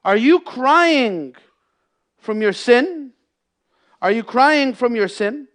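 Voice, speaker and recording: A man with a fairly high voice preaches a Friday sermon in a mosque. He builds to loud, emphatic peaks and then drops to hushed, quiet lines. He often slips Arabic phrases into his English. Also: animated, slow. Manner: impassioned, swings between loud emphasis and hushed lows, mixes in Arabic phrases. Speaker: imam giving a Friday sermon. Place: mosque prayer hall.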